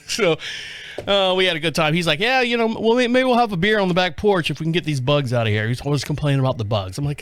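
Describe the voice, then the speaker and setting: A man with a high-pitched voice tells a long, loose story as a podcast host. He jokes and laughs and curses easily. The sound is dry and close, with no room around it. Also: very animated, fast, fairly bright tone, clear, resonant tone, no echo. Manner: rambling and joking, with laughs and profanity. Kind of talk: casual storytelling monologue.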